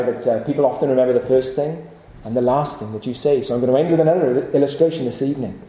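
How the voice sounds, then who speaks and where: A man's voice: medium pitch, dark tone. A man preaching an evening sermon, pleading with his listeners through earnest, repeated rhetorical questions. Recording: echoey hall.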